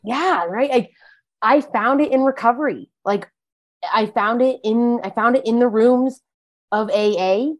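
A woman's voice: on the high side, measured pace. A woman guest on a podcast, telling her story in a chatty, emphatic way with lots of filler words. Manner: chatty and emphatic, heavy use of "like". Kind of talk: casual conversational interview.

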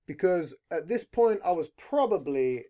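A man's voice: fairly high pitch, very animated, measured pace, warm tone. A man hosting a podcast in a rambling casual chat, swearing constantly. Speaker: podcast host.

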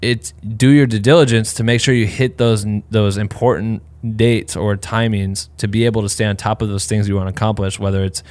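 A man's voice: lowish voice, fairly even intonation, a little fast, hardly any pauses, darkish tone. A congested man who sounds sick, talking casually and candidly on a podcast, swearing freely and rambling with fillers.

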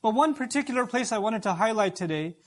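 A man's voice: high-pitched, lively intonation, quick pace. A man giving an emphatic Friday sermon, explaining points and asking his listeners questions. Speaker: preacher.

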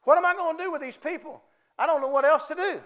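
A worn-out leader moans about the crowd he has to feed, his high voice pinched with exasperation, as a preacher puts him on. He sounds whiny and at the end of his rope. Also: quick pace, fairly bright tone. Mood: helpless. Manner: whining, exasperated. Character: weary complaining male leader, middle-aged.

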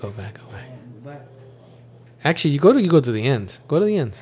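A man hosting a podcast, retelling a show in a loose, animated way with lots of laughter. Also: mid-range voice, a little fast. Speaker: podcast host. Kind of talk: casual chat.

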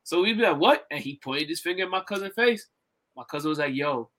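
A man co-hosting a podcast in casual chat, an animated storyteller who laughs often. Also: sits high, quick pace. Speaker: podcast co-host.

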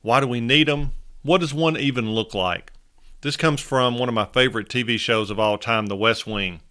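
A man's voice: mid-range voice, normal speed, sharp tone. A man hosting a show and telling a short story in a folksy, conversational way. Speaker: host and storyteller. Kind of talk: storytelling narration.

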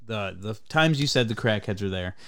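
A man hosting a podcast, telling a story in a casual, animated way, swearing often and laughing. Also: fairly low pitch, normal speed, no room sound, studio quality. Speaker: podcast host.

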